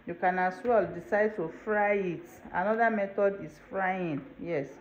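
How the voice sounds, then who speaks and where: A woman's voice: mid-range voice, a little slow. A woman hosting a home cooking tutorial, explaining each step in a chatty way and checking in with the viewer. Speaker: cooking channel host. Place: home kitchen. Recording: dull lo-fi home video with faint room noise.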